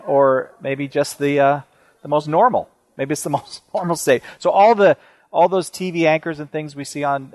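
A male radio host talks in a loose, chatty way, joking and restarting his sentences. His voice is close and dry on a studio mic, with a mid pitch. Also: dry recording. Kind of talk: call-in radio talk.

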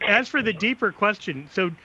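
Male radio guest, slightly higher and bright voice, wry jokey self-deprecating vibe, bit dull audio. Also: animated, unhurried, heavy background noise. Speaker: guest author. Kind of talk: casual radio chat.

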